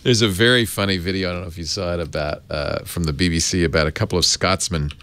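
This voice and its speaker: A man hosting a casual tech podcast, an animated storyteller who laughs often. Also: low voice, quick pace, smooth, no echo. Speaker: host.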